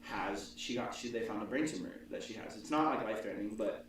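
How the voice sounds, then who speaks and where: A man's voice: on the low side, fast, noisy background. A man hosting a podcast, telling stories casually with lots of swearing and laughter. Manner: storytelling with profanity and laughter. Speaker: podcast host. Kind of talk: casual chat. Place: room with several people. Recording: echoey room, distant mic, talk behind.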